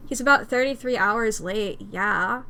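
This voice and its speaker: A woman voicing a young female friend in a game, with a slow, drawn-out delivery. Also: on the high side, pushed and bright. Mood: annoyed. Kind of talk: voicing game dialogue on stream.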